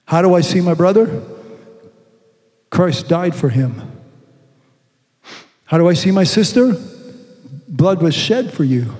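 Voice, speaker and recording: A male pastor with a high-pitched voice preaches in a church hall, his words carrying a long echo. He poses rhetorical questions and slows right down to stress scripture. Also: expressive, a little mellow. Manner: preaching with rhetorical questions and slow emphatic reading. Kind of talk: sermon. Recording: long reverb from a large hall.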